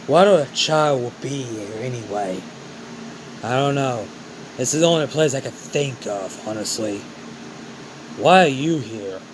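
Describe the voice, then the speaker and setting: A man's voice: mid-range voice, lively intonation, measured pace, pauses often, noisy background, natural voice. A man voicing a stern villain mentor who mocks and scolds his former apprentice, calling him kiddo. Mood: taunting. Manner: mocking, scolding, calls the boy kiddo.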